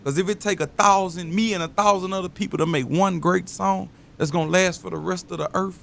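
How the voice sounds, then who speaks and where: A man talking casually as a guest, telling loose, animated stories full of slang. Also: high voice, a little fast, vocal fry. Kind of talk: casual interview talk.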